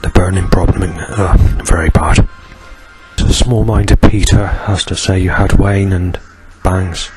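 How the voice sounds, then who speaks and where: Male vlogger, low voice, in pain and coughing, coarse and rambling. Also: fairly even intonation, measured pace, over music. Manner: rambling, coarse, bitter outbursts. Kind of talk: rambling personal video diary.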